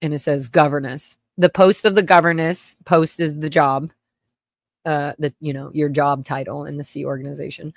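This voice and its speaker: A woman with a fairly low voice recounts her childhood to a livestream audience. She talks haltingly, full of restarts and fillers, and can turn blunt and profane. The sound is dry and close, with no room around it. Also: steady tone, no room sound. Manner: blunt, swears. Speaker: livestream host telling her own story. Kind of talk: casual personal storytelling.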